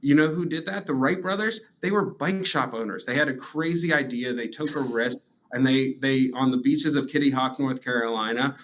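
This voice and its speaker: A man speaking as a guest in an interview, earnest and steady, delivering points in a speech-like way. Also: medium pitch, moderate pace, slight background noise, poor audio. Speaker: advocacy group guest. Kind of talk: conversational interview.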